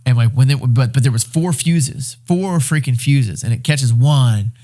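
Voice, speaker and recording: A young man, a podcast guest, excitedly retelling a survival story in casual, animated talk with swearing and restarts. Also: medium pitch, measured pace. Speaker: podcast guest, reality show winner.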